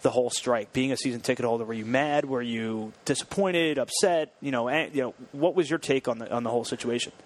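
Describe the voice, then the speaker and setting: A man hosting a casual school sports radio show, talking loosely with many fillers and restarts. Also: medium pitch. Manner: chatty, halting with many fillers. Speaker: station manager and show host.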